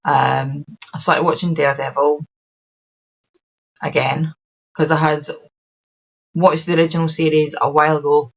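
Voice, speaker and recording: A woman's voice: deep voice, little pitch movement, normal speed, vocal fry, pauses often, poor audio. A Scottish woman hosting a podcast, chatting casually and rambling with lots of ums and restarts. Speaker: podcast host. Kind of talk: casual chat.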